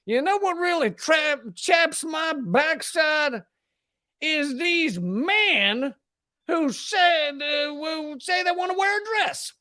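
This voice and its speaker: A man's voice: extremely high pitch, lively intonation, slow, sharp tone, dry recording, clean studio sound, pitched above the performer's own voice, full character voice. A man voicing a cranky middle-aged man with a Southern accent who gripes indignantly and drawls his words.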